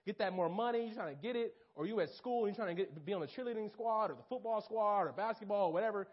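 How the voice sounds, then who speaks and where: Fast-talking, animated young man preaching. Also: high-pitched. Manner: animated and casual, lots of fillers and acted-out quotes. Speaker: campus minister speaking to a church group. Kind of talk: storytelling sermon. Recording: dull lo-fi recording.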